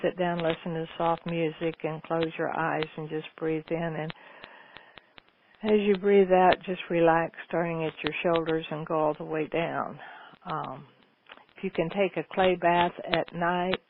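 A woman's voice: low voice, steady tone, a little slow. A woman hosting a call-in advice show, talking in a homey, folksy, meandering way. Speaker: radio show host answering listener questions. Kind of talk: casual call-in advice talk. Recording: phone-like lo-fi radio with faint noise.

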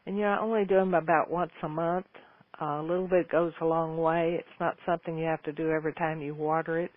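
A man's voice: fairly high pitch, level tone, fast, no room sound. Folksy man on a tinny, phone-like line. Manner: folksy, rambling, with frequent restarts. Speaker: host answering listener questions. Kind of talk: casual gardening advice talk.

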